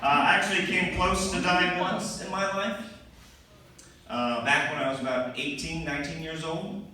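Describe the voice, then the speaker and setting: A young man performing a stand-up comedy set on a comedy club stage, animated and shouting his punchlines in mock panic. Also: fairly high pitch, moderate pace. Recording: echoey club from far off, crowd laughter. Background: audience laughing and cheering.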